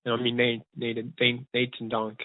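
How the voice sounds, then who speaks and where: Young male podcast host, rambling and excited; dead, narrow phone-quality audio. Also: medium pitch, brisk, dry recording. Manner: rambling, eager, many restarts. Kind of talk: casual storytelling chat. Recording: tinny phone-like dry sound.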